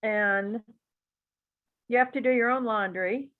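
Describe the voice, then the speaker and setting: A woman teaching a psychic class in a relaxed, chatty and encouraging way, with frequent asides. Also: a little high, slow. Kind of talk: relaxed spoken class talk. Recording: tinny phone-like audio.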